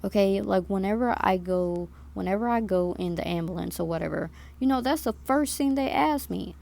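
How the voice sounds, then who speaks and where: Indignant young woman with a gravelly voice. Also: medium pitch, moderate pace, a little mellow. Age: 20s. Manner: indignant, repeats herself with "like" and "okay?". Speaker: vlogger. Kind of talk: casual storytelling to camera.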